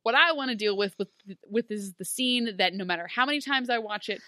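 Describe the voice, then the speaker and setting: An animated woman retells a TV episode in casual chat, acting out the characters' lines with plenty of feeling. Her voice is bright and forceful. The sound is dry and close, with no room around it. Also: on the high side, fairly quick, no room sound. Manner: emotional, gushing. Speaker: podcast co-host.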